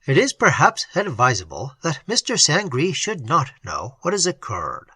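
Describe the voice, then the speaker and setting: A narrator voicing a calm, authoritative male doctor who speaks quietly and with measured decision, in a classic storybook reading. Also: mid-range voice, slightly rough, no echo, heavily acted.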